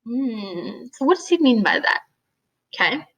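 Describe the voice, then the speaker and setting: A woman's voice: on the high side, very animated, measured pace, fairly bright tone, breathy edge, poor audio. A young woman teacher recording a lesson for her students, explaining plainly and checking in with "right?" and "okay?" as she goes.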